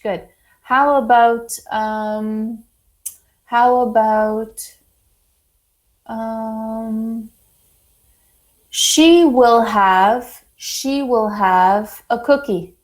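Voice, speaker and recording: A woman teaching a French lesson to a class, slow and deliberate, praising students often. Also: fairly high pitch, poor audio.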